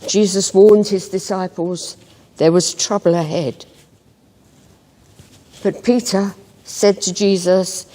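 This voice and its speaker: Brief: unhurried female devotional reader, mellow tone, long church reverb. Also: mid-range voice, fairly even intonation. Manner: slow, gentle storytelling with reflective pauses. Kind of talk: scripted Bible story narration.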